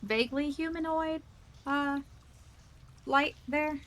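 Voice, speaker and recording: A woman's voice: high voice, fairly even intonation, slow pace, fairly bright tone. A woman playing a tabletop game, chatty and hesitant, often giggling. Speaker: player. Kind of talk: casual tabletop play.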